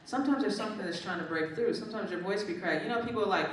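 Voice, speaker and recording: An author and guest speaker in a live onstage conversation, talking expressively and jumping up high when animated. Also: racing. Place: large echoing hall at a live event. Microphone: distant from the microphone. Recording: echoey hall from far off.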